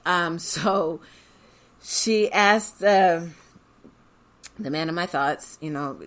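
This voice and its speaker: A woman with a lowish voice tells a story from her own life at a slow, unhurried pace. She talks in a chatty, conversational way and laughs often as she goes. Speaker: podcast host. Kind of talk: personal storytelling.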